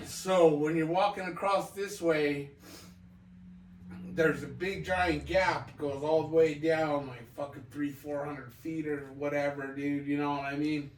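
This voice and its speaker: A man's voice: a little high, fairly even intonation. A man telling a wild story in casual podcast chat, swearing and laughing often. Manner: laughing, profane, drawn-out storytelling. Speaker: podcast co-host. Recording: echoey room, distant mic, noisy.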